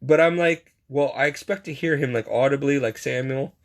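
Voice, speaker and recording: A man's voice: mid-range voice, normal speed, creaky. A man giving a casual, rambling faith monologue, poking fun at himself and chuckling as he talks. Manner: rambling, self-mocking storyteller; frequent chuckles.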